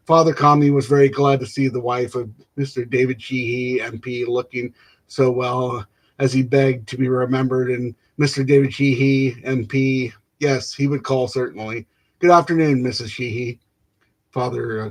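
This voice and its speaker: A man reading a classic novel aloud without rehearsal, stumbling and restarting words and filling pauses with "uh". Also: medium pitch. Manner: halting, stumbles and restarts words, fills gaps with "uh". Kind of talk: unrehearsed reading aloud of literary prose.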